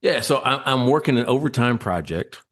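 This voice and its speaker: A man, a former state trooper, telling an animated story as a podcast guest, acting out quotes and laughing often. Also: medium pitch, moderate pace.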